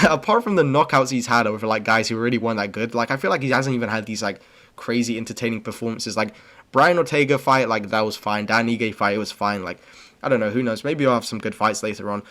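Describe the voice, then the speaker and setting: A man's voice: medium pitch, fairly bright tone. A young man casually recapping fights, rambling and blunt, peppering his talk with slang and filler words. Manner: rambling, slangy, says "bro" and "okay" constantly; blunt and opinionated. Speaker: MMA commentary channel host.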